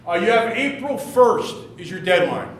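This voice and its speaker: A man leading a classroom workshop, running an upbeat, brisk roll call of teams. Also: high-pitched, sing-song, a little hiss or hum. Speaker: workshop leader. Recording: echoey room from far off.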